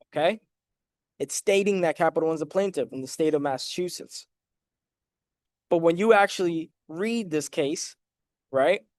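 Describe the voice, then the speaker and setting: A man's voice: on the high side, darkish tone, dry recording, clean studio sound. A man giving a casual, emphatic lesson on debt collection letters, walking through documents and checking in with viewers. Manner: direct, emphatic, addresses viewers as guys with frequent "right?". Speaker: credit and debt educator. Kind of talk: casual explanatory talk over documents.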